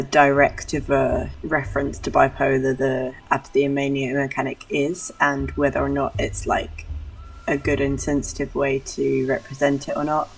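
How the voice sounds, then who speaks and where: Brief: casual woman game streamer, low voice, thoughtful rambling, slightly distant mic. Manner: rambling, musing, self-deprecating. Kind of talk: casual gameplay commentary.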